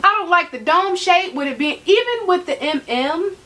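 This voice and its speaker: A woman's voice: extremely high pitch, animated, moderate pace, a bit bright. A woman vlogging at home about her handbag collection, sassy and joking as she talks straight to her viewers. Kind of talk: casual talk to camera. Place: room at home.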